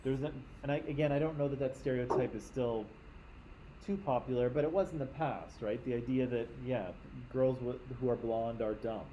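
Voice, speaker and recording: A man gives a classroom lecture in a relaxed, conversational way. His voice is dark and mellow at an ordinary pitch, and he keeps checking in with the class. A faint hiss sits under the recording. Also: moderate pace, highs cut off. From Canada. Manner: conversational, often checks in with "right?". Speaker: teacher.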